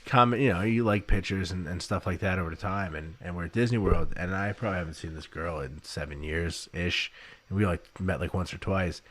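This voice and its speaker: A man in his thirties, appearing as a podcast guest, speaks in a low, brisk voice. He chats casually, spinning lively stories and acting out what people said.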